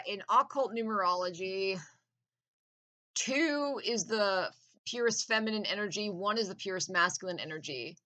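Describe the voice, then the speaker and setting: A woman's voice: lowish voice, pushed and bright, poor audio. A woman in a casual, profane, intense rant with laughing asides.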